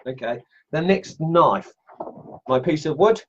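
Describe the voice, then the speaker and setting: A middle-aged Australian man hosting a casual woodcarving livestream from his home workshop, chatty and excitable, laughing as he tests knives and greets viewers. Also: on the high side, takes it slowly, breathy edge, muffled recording. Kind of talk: casual live-stream chat, unboxing and testing knives.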